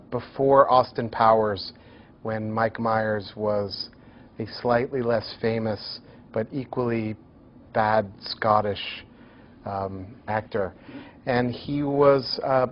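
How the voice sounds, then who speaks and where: A man giving a university lecture in a hall, telling stories in a lively, joking way. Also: mid-range voice, lo-fi sound.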